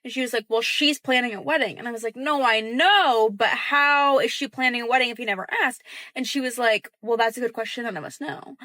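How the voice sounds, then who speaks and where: Young woman telling a story casually, acting out the quotes in a hushed voice. Bright and a bit high. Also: brisk, no echo. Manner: chatty, acts out quoted dialogue in a hushed voice.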